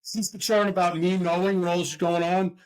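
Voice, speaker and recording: A man's voice: high voice, a little fast, clear, resonant tone. A middle-aged man, a veteran police officer, telling stories in casual conversation and acting out the voices of the people in them. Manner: animated storyteller who acts out quoted voices. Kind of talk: casual storytelling.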